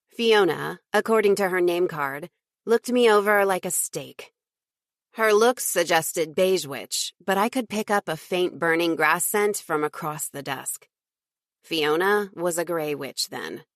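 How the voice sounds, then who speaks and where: A woman's voice: on the low side, dry recording, clean studio sound. Woman narrating a cozy audiobook. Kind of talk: scripted first-person audiobook narration.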